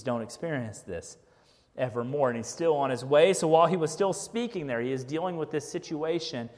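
A man's voice: mid-range voice, expressive, normal speed, a little mellow, big-room sound. A man preaching a sermon as a pastor, speaking conversationally and often checking in with "right?", with a joke here and there. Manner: conversational, keeps asking "right?", jokes.

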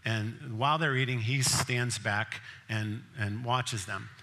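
A male pastor in the middle of a sermon, his voice very bright and ringing. He tells the scripture story casually, acting out the exchanges and leaning into the big moments with energy. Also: mid-range voice, steady tone, slow. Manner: conversational storytelling, acting out the scenes; laughs often, grows emphatic and louder.

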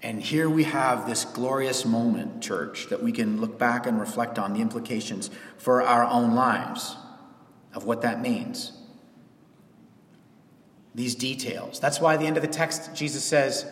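Conversational pastor in echoey church. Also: male voice, mid-range voice, unhurried. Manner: conversational, animated, with quoted asides. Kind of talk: sermon. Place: church sanctuary.

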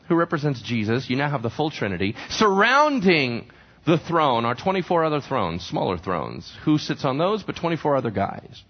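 Animated male preacher, lively pitch. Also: moderate pace, husky, highs cut off. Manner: animated preaching, asking the congregation questions and answering them. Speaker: pastor. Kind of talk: sermon teaching from scripture.

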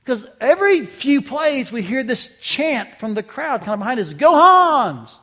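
A man with a high voice preaches a sermon, carrying a faint Southern accent from his upbringing in the Southeast. He is middle-aged and tells animated stories with self-mocking humor. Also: normal speed. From Southeastern United States. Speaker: pastor.

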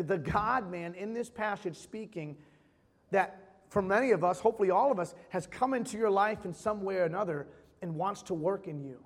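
A man preaching a sermon in church as pastor, talking in a conversational way with quick asides and acted-out quotes. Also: sits high, breathy edge, in a large hall. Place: church sanctuary.

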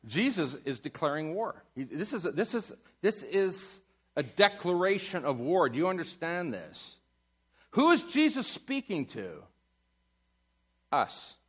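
A man preaching a sermon in a church, asking his congregation questions and building to loud climaxes. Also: on the high side, expressive, normal speed, slightly rough. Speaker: pastor. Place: church sanctuary.

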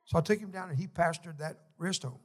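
A middle-aged man preaching a sermon, telling folksy stories with emotion and sudden shouted swells. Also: a little high, fast talker. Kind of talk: sermon storytelling.

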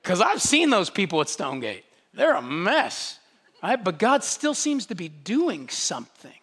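Pastor, lively sermon delivery that swoops high and low, emphatic and conversational. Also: breathy edge, long reverb tail. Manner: animated, conversational preaching with wide swings in pitch and loudness; emphatic, with rhetorical questions and quick asides.

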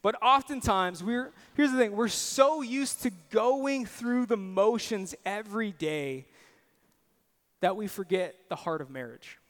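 Young guy preaching, high smooth voice, honest stories about his own faults, church echo. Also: measured pace, fairly bright tone. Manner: earnest, personal storytelling with self-deprecating asides. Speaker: pastor. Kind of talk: sermon.

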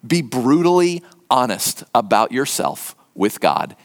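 Male pastor preaching, high voice, animated pitch, earnest and conversational, hushed whispered emphasis. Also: normal speed, hardly any pauses. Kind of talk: sermon.

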